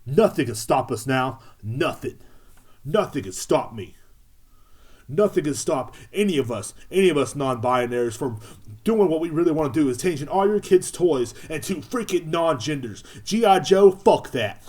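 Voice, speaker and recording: A man playing a self-righteous, foul-mouthed adult man in a loud, repetitive satirical rant. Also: fairly high pitch, animated, moderate pace. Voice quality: loud, emphatic, swearing, repetitive.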